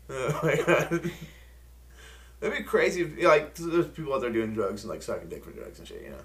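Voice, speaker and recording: A man co-hosting a podcast in casual chat, excitable and crude, laughing often. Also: medium pitch, a little slow, long pauses. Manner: excitable, says dude a lot, laughs often. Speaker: podcast co-host.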